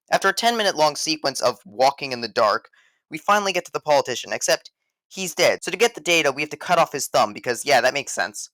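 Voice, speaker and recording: A man delivers scripted review commentary with dry sarcasm and a mock-serious tone. His voice is bright and forceful. It sits close and dry, with no room around it. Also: medium pitch, no echo. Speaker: video game reviewer.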